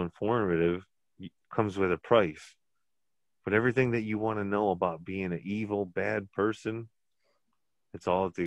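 A man's voice: low voice, no room sound, muffled recording. A man co-hosting a casual podcast, talking bluntly and rambling, often laughing at his own jokes. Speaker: podcast co-host. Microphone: podcast mic.

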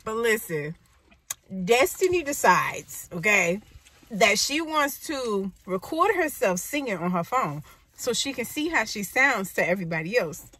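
Lively woman telling family stories. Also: a little high, measured pace, slightly rough. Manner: animated, laughs often. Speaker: vlogger mom. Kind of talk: casual storytelling to camera.

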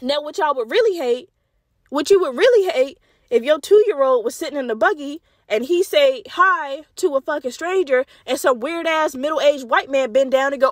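High-voiced blunt woman venting. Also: normal speed, no room sound, clean studio sound. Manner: blunt, profane, animated venting. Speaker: podcast host. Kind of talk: solo podcast monologue.

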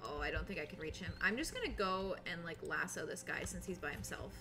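A woman's voice: lowish voice, expressive, brisk, music in the background. A woman streaming a game with casual commentary, swearing freely, laughing and narrating her own moves as she goes. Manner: laughs often and panics loudly. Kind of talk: casual live gameplay commentary.

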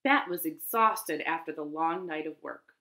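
Lady reading a picture book to little kids at home, slow, bright, really lively voice. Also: low-pitched. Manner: animated, slow and expressive. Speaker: children's storytime host. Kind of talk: reading aloud to young children. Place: living room.

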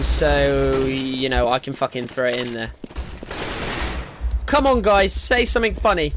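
Excitable sweary young man gaming. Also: noisy background. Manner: excitable, sweary, yelps up into squeaky highs. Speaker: gaming YouTuber. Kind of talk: live gameplay commentary. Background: game music and gunfire.

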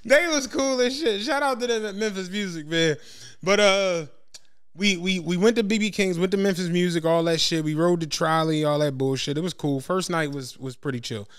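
A Philadelphia man with a noticeably high voice and a Philly accent, co-hosting a podcast. He tells a trip story in a loose, profane way and breaks into laughter often. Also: normal speed, a bit bright, clear, resonant tone. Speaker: podcast co-host. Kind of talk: casual storytelling chat.

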